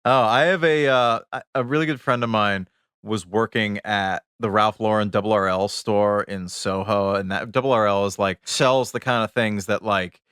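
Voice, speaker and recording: A man co-hosting a podcast, telling a long anecdote in a lively, casual way and dropping his voice low for asides. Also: moderate pace, clean tone, no echo, clean studio sound. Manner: animated storyteller, drops voice low for asides. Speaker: podcast co-host. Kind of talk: casual chat, storytelling.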